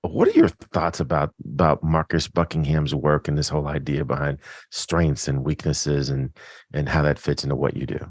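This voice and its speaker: A podcast host with a very low, deep male voice tells a story from his working life. He is thoughtful and self-deprecating, and the recording is dry with no room sound. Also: normal speed, no echo. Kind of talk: casual interview chat.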